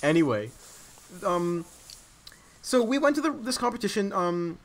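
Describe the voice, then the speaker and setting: A man's voice: high voice, big pitch swings, unhurried, slight background noise. A young man hosting a casual podcast chat, telling a rambling story full of fillers. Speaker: podcast host.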